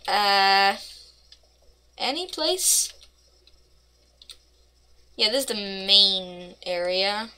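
A woman's voice: medium pitch, extremely slow, long pauses, pushed and bright, smooth. A woman casually commenting on her own gameplay, playful and mock-dramatic, rambling between asides. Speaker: gaming channel host.

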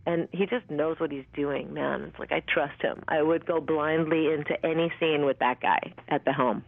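A woman in her fifties, an actress, telling stories in a candid, animated way with plenty of fillers and the odd swear word. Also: low-pitched, normal speed, creaky, no room sound. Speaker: actress and interview guest. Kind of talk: casual storytelling interview. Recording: tinny dry phone line.

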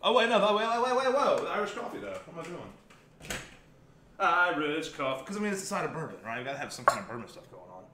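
A man's voice: on the high side, sing-song, quick pace, reverberant, noisy background. An American man hosting a casual cooking live stream from his home kitchen, rambling, joking and swearing as he cooks. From United States.

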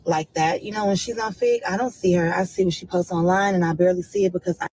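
A woman's voice: fairly low pitch, steady tone, fast talker, a little mellow, slightly rough, dry recording, poor audio. A woman in an interview clip, rambling as she retells conversations with her daughter. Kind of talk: interview storytelling.

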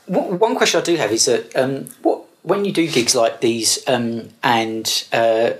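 A man's voice: mid-range voice, measured pace. A man hosting a podcast, asking questions with hesitant fillers. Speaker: podcast host. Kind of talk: interview questions.

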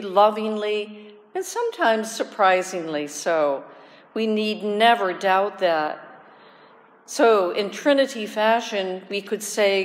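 A woman deacon delivers a sermon at an unhurried pace, her gentle, prayerful words carrying a long reverberant tail in the church. Now and then her voice lifts into a joyful exclamation. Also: mid-range voice. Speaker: deacon preaching. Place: church sanctuary.

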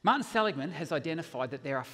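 A man speaks at a chapel gathering with a high voice that leaps all over the place as he tells a story. He acts out the people in it with gusto, and his words ring on in the long reverb of the chapel. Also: racing. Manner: animated storyteller who acts out quotes. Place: university chapel.

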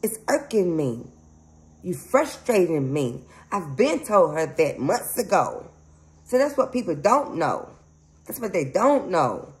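A psychic medium hosts a casual spiritual vlog, speaking slowly in a lowish, sing-song voice over poor audio. She rambles emphatically, laughs often, and calls her viewers "y'all."

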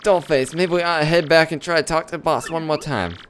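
A man's voice: a little high, brisk, fairly bright tone, slight background noise, close to an everyday voice. A man voicing a lovestruck, melodramatic young female tree-creature who pleads and swoons. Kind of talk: reading game dialogue in character.

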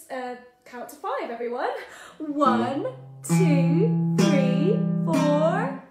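A woman leads a children's music class, slowing her delivery as she chats, chants, and sings rhymes. Her voice sits high and cheery. The sound carries a roomy echo, with guitar playing behind her. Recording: echoey room with guitar.

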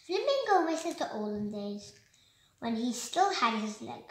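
A young reader reading a picture book aloud slowly and carefully, with small restarts. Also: female voice, fairly high pitch, big pitch swings, reverberant, noisy background.

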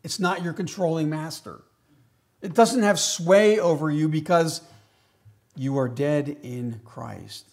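A pastor delivering a sermon in a fairly high man's voice. He swings from loud, emphatic lines to quiet asides. He slows right down to stress key phrases.

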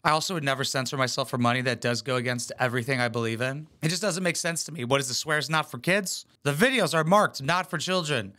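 A man's voice: mid-range voice, quick pace, hardly any pauses, bright, forceful tone. A man hosting a reaction video, giving blunt, mocking commentary full of swearing. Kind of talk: profane sarcastic commentary.

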